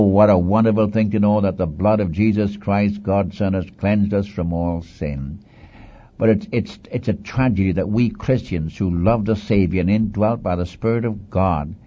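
Low mellow-voiced man preaching. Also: muffled recording. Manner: earnest, exhorting, repeats phrases for emphasis. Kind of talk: sermon.

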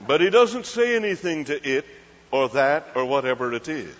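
A man delivers a folksy storytelling sermon, often questioning the crowd and acting out small scenes in different voices. His voice is a little high and sing-song at a moderate pace, captured in a dull, lo-fi hall recording.

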